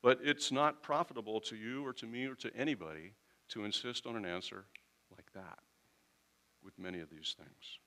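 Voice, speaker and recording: Male pastor, sermon, conversational, slightly low voice, bright forceful tone. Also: normal speed. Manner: conversational, acts out short quoted exchanges.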